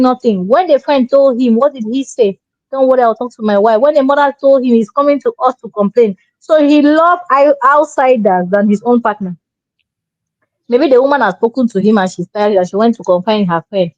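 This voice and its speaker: A woman's voice: fairly high pitch, a little fast, darkish tone, no echo. Lady preaching marriage rules, emphatic, dry dull recording. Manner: emphatic, preachy, acts out quoted dialogue. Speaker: relationship commentator. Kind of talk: casual advice talk.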